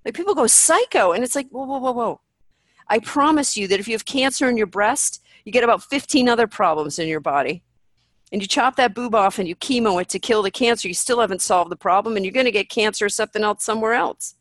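A woman's voice: medium pitch, lively intonation, fast, a bit bright, dry recording. A woman guest in a candid interview, talking bluntly and with animation, swearing freely and acting out what people say. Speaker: podcast guest.

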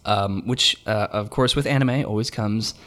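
A man hosting a podcast, talking in a rambling, animated way with lots of fillers. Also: fairly low pitch, moderate pace. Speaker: podcast host. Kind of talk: casual chat.

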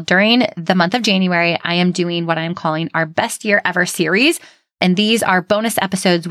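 A woman's voice: lowish voice, fairly bright tone, no echo, studio quality. A young adult woman hosting a teaching podcast in an upbeat, encouraging way, often dropping "like" and "you know" between her thoughts. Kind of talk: solo podcast monologue.

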